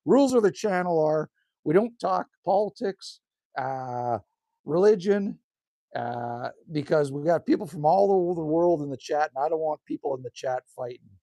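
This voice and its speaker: Middle-aged Canadian man, folksy livestream host, slightly hoarse, lively pitch. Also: dry recording, clean studio sound. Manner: folksy, chatty, drops "hey?" and "man". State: a little hoarse. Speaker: livestream host reading chat. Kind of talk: casual live chat. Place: rural cabin indoors.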